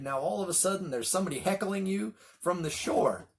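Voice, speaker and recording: A middle-aged man leading a Bible study, telling the story with animated voices for the quoted lines. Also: fairly high pitch, brisk, few pauses. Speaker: pastor.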